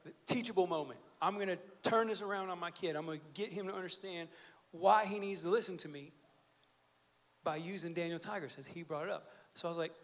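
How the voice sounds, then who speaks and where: Chatty high-voiced man preaching. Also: a little fast, a bit bright. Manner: conversational, joking storytelling with fillers. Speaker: pastor. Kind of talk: sermon. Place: church sanctuary.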